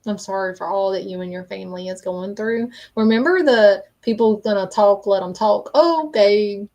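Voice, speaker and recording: A woman's voice: medium pitch, moderate pace, a little mellow. A woman hosting a live-stream reading as a psychic medium, speaking earnestly and stopping often to check in with "okay?" between frequent ums.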